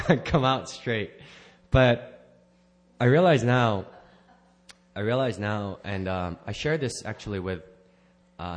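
Speaking earnestly and without a script, a church member with a fairly low voice offers his testimony to a church gathering. He wanders, restarts and corrects his sentences, and lets small laughs slip in.

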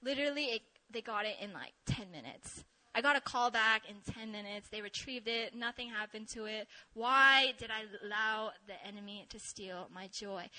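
A young woman telling an animated story to an audience, excitable and laughing often. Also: on the high side, moderate pace, low-quality recording. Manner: excitable, shrieks in re-enacted moments, laughs often. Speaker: speaker sharing a testimony.

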